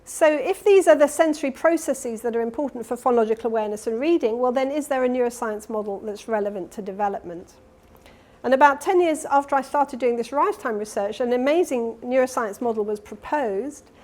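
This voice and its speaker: A woman delivering a keynote lecture at an academic conference, explaining step by step with fillers and quick self-corrections. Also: on the high side, darkish tone. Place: conference hall.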